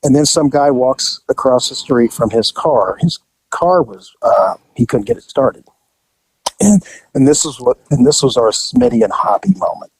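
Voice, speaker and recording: A man's voice: medium pitch, moderate pace, husky, dry recording, poor audio. An older man and retired police officer, telling stories in a casual chat and acting out the people in them. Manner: animated storyteller who acts out quotes.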